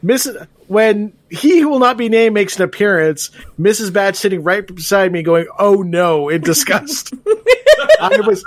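Rambling high-voiced man on a podcast. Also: animated, normal speed, dry recording. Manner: rambling, restarts, laughs hard. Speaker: podcast co-host. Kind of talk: casual podcast banter.

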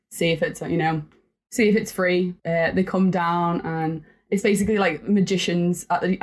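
Giggly woman on a call. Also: on the low side. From Liverpool, England. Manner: giggly, laughs often between phrases. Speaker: comedian guest. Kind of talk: casual podcast chat. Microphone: remote call.

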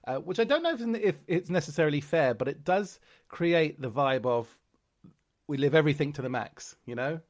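A middle-aged Irish man, a guest comedian, telling lively stories in conversation and slipping into character voices. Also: fairly high pitch, fairly quick. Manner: animated raconteur, slips into character voices. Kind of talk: conversational storytelling.

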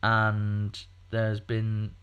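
A man chats on a podcast in a loose, rambling way, stopping and restarting often. His voice sits fairly low. He fills gaps with ums and asides. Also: completely flat delivery, very slow, fairly bright tone, clear, resonant tone, muffled recording. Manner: rambling, chatty, many fillers and restarts. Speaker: podcast co-host. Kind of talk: casual podcast chat.

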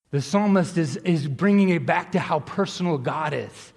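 A man with a high, husky voice preaches in a church sanctuary, telling his stories casually before rising to fervent, almost shouted calls. Long reverb from the hall trails after each phrase. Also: normal speed, few pauses. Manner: conversational storytelling that swells into fervent near-shouting. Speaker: pastor. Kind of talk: sermon.

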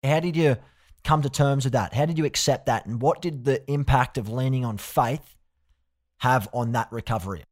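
A man hosting an interview, asking reflective questions in a gentle way. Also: medium pitch, normal speed. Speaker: host.

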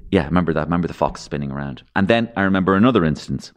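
Irish male podcast guest, very low-pitched, anecdotal storyteller with a macabre wit. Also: expressive, racing. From Ireland. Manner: rambling anecdotal storyteller, dark humour, acts out voices.

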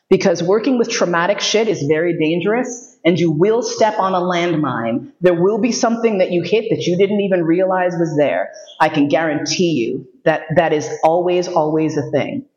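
A woman's voice: lowish voice, a little mellow. A woman giving a casual lecture and taking questions, joking often and swearing freely. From United States. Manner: joking, profane, frequent laughs. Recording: echoey room, dull lo-fi sound.

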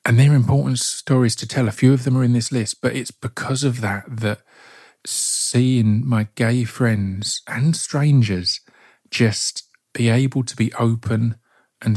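Guy hosting his podcast solo, soft gentle heartfelt talk, mid pitch. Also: fairly even intonation, a little slow, husky. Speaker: podcast host.

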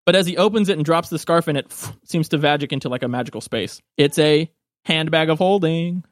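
A man narrating a tabletop game as game master, lively and quick to laugh. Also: on the high side, no echo, studio quality.

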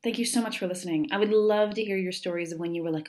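A woman's voice: fairly low pitch, little pitch movement, quick pace, a little mellow. A woman hosting her own podcast in a casual monologue, candid and earnest, swearing freely as she chats. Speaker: podcast host.

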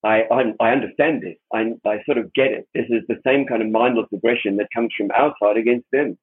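A man with a husky, somewhat breathy voice tells a personal story in an interview. He is earnest and animated and repeats words for emphasis. The sound is thin and tinny, like a phone line. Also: medium pitch, brisk. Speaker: interview guest, author. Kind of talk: spoken anecdote, storytelling.

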